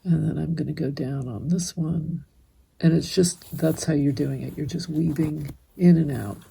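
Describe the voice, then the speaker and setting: A middle-aged woman hosting a casual embroidery tutorial, chatting gently and thinking aloud as she demonstrates each stitch. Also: sits low, fairly even intonation, normal speed, gravelly, breathy edge. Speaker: embroidery teacher and channel host. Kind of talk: casual step-by-step craft tutorial.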